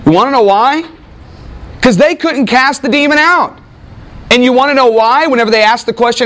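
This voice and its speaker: A man's voice: very high-pitched, normal speed, long pauses, fairly bright tone. A man teaching a Bible class, lecturing conversationally to a room of students and peppering the talk with rhetorical questions.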